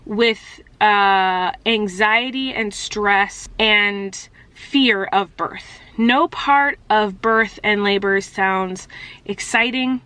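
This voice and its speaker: A woman's voice: medium pitch, drawn-out words, sharp tone, clear, resonant tone, no echo, rough recording. A young woman talking straight to camera in a rambling, confessional vlog, using "like" a lot. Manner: rambling, heavy use of "like". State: upset. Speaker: vlogger.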